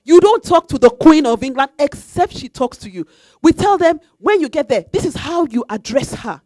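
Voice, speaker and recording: A woman's voice: high voice, lively intonation, normal speed, a little mellow, no room sound. A woman preaching a sermon in an emphatic, repetitive way, now and then breaking into sung phrases. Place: church.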